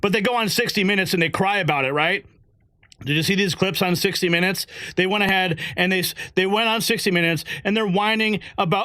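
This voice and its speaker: High, bright-voiced excitable male host. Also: a little fast, no room sound, clean studio sound. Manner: excitable, exclaiming and laughing. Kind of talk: animated political commentary.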